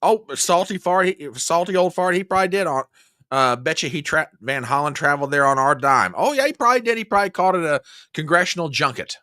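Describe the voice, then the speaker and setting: A man's voice: fairly high pitch, quick pace, pushed and bright, no echo, clean studio sound. A man hosting a political commentary show, ranting with exasperated sarcasm. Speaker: host.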